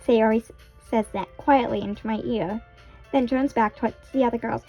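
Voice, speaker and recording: A woman's voice: a little high, fairly even intonation, moderate pace, warm tone, slightly rough, soft background music. A young woman reading a visual novel aloud, chatting between the lines with self-conscious, giggly asides. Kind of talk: casual let's-play narration with character voices.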